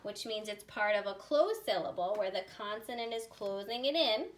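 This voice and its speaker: A woman teaching a phonics lesson to young readers, sounding out words slowly and clearly. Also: mid-range voice, animated, slight background noise. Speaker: reading teacher. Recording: voice a little far from the mic.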